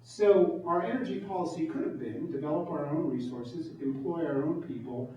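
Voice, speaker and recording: A New York political candidate with a warm, somewhat high voice gives a campaign speech at a moderate pace. He's emphatic and fond of rhetorical questions. The recording is dull and echoey, captured from a distant mic.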